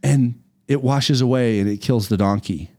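A man hosting a casual talk show, telling a fable in a lively, rambling way and often repeating his words. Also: medium pitch, normal speed. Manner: animated, repeats words while telling a story. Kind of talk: casual storytelling chat.

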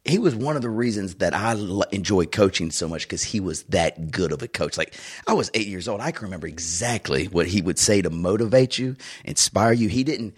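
A man's voice: low-pitched, a little fast, slightly rough. A middle-aged man co-hosting a casual podcast chat, telling childhood stories with plenty of fillers. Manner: animated storyteller, lots of fillers. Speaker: podcast co-host.

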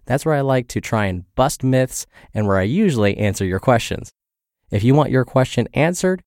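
A man's voice: medium pitch, darkish tone, no echo. A man narrating a health podcast, reading a fitness blog post aloud with dry humor.

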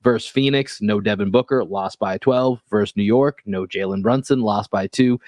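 A man co-hosting a sports podcast, talking in casual chat and reeling off stats and results in a measured way. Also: lowish voice, a little mellow, no echo. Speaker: podcast co-host.

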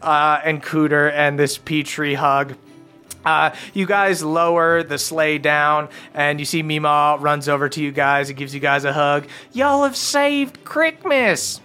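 A man's voice: monotone, measured pace, bright, forceful tone, clear, resonant tone, faint music behind. A man narrating as game master of a comedic tabletop game, with jokey asides. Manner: jokey, jumps into squeaky high character voices.

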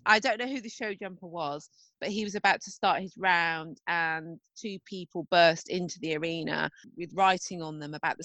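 A woman's voice: low-pitched, fairly bright tone, no room sound. A woman in her thirties from England, co-hosting a podcast in casual chat, blunt and down-to-earth, swearing freely. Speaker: podcast co-host.

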